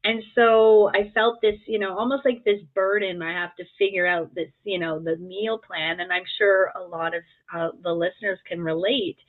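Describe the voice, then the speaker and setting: A middle-aged woman coach talking in a reflective, gently encouraging way, acting out her own inner dialogue as she speaks. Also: medium pitch. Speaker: guest coach. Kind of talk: conversational interview. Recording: tinny phone-like line.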